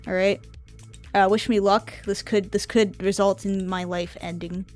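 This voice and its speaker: A woman's voice: medium pitch, level tone, normal speed, darkish tone, soft background music. A woman streamer chatting casually on a live stream, rambling and offhand with drifting asides.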